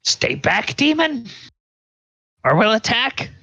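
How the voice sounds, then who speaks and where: A man voicing three panicky women who shout at a supposed demon in shrill, repetitive bursts. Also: huge pitch swings, slow pace, gravelly, no room sound, exaggerated voice. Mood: frantic. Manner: shrill, frantic, repeating themselves.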